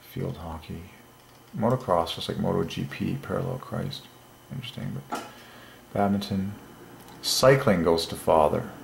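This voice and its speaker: A man presenting word-number puzzles on his own, thinking aloud with growing excitement and chuckling between points. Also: sits low, unhurried, vocal fry, pauses often, reverberant, a little hiss or hum.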